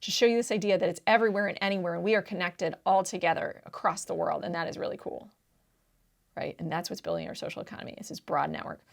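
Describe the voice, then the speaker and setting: With a fairly low, gravelly voice and a steady tone, this test-prep tutor talks fast as she goes over reading answers. She's emphatic and casual, using slang and repeatedly asking the listener "right?"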